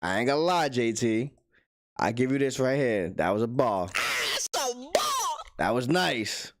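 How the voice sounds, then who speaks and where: A male streamer chatting in loose slang, his voice swinging up and down with lively pitch. The sound is dry and close, with almost no room around him. He laughs a lot between remarks. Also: unhurried, no echo. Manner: loose and slangy, laughing often, reacting to chat. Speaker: livestream host. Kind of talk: casual livestream chat.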